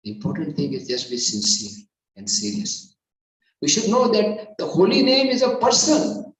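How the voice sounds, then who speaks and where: A man giving an earnest devotional lecture, rising to emphatic loud peaks. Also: fairly high pitch, wildly swooping pitch, moderate pace, distant mic. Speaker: preacher. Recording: echoey hall, voice from off-mic.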